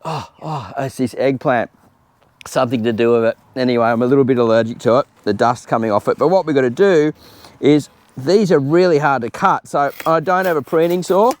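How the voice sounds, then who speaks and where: A man's voice: medium pitch, a little fast. An Australian man chatting informally while working in his garden, explaining as he goes in a casual gardening tutorial. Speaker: home gardener host. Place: outdoor home garden.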